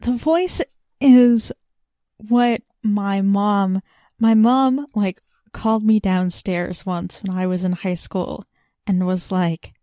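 A woman's voice: medium pitch, steady tone, slow, mellow, no room sound, studio quality. A young adult woman co-hosting a casual chat, rambling with lots of "like" fillers and giggles. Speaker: podcast co-host.

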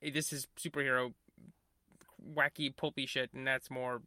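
A man's voice: medium pitch, level tone, moderate pace, sharp tone, dry recording. A man in casual podcast chat who explains at length, swears casually and keeps affirming with "right" and "mm-hmm".

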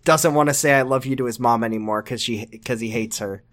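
A man's voice: mid-range voice, fast talker, fairly bright tone. A man co-hosting a casual podcast, recapping a TV episode with sarcastic, swearing asides. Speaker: podcast co-host.

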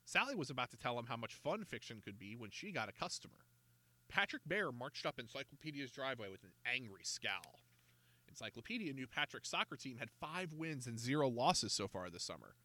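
Bright, expressive male storyteller. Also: medium pitch, moderate pace, dry recording. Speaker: narrator. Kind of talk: children's audiobook reading.

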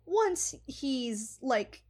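Woman co-host, casual film chat, slightly high voice, eager scene-by-scene retelling. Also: sing-song, drawn-out words, a little mellow. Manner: enthusiastic, recounts scenes with quoted lines. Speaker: podcast co-host.

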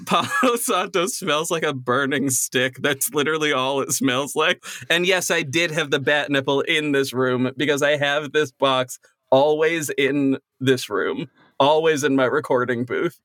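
A man in a home recording booth, ranting excitably and rambling as a guest on a comedy podcast. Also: medium pitch, unhurried, no echo. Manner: excitable, rambling fan rant. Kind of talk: casual comedy podcast banter. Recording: dry booth mic.

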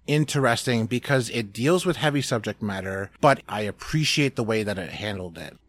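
A man's voice: lowish voice, expressive, moderate pace, dry recording. A man guesting on a podcast, talking casually and thoughtfully about a TV episode, with dry jokes. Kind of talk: casual chat recapping a TV episode.

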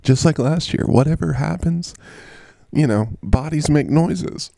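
A man's voice: on the high side, measured pace, creaky, dark tone, no echo, clean studio sound. A man chatting casually and jokingly through his fantasy football picks, rambling from one aside to the next. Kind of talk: casual solo commentary.

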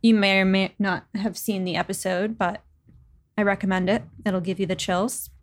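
A woman's voice: mid-range voice, fairly even intonation, moderate pace. Chatty laughing young woman podcast host. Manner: laughs often, chatty and playful. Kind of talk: casual chat and storytelling.

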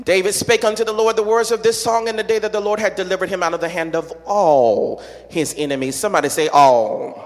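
A woman pastor preaching a sermon in a rhythmic style, calling out to the congregation and building to shouts. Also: mid-range voice, a little fast. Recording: echoey hall with long reverb.

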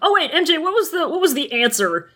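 A woman's voice: sits high, sing-song, fast talker, fairly bright tone. A woman co-hosting a casual book discussion, giggly and swearing freely.

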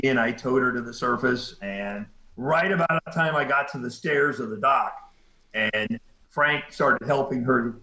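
A man recounts his own story in easy, casual speech, slipping into the voices of the people he quotes. His tone is bright and forceful. The room around him is noticeably echoey. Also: medium pitch. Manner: animated retelling, acts out quoted dialogue. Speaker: volunteer rescue cave diver.

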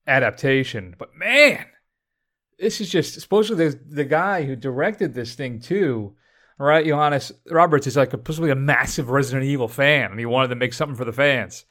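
A man co-hosting a film review podcast, talking in a casual, animated, joking way. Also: mid-range voice, normal speed. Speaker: podcast co-host.

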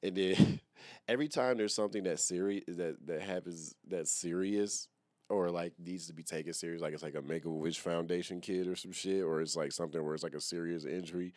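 Young male podcaster, very deep voice, dry close sound, loose profane self-mocking solo rant. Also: a little fast, darkish tone, no room sound. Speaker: podcast host. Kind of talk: casual solo podcast monologue.

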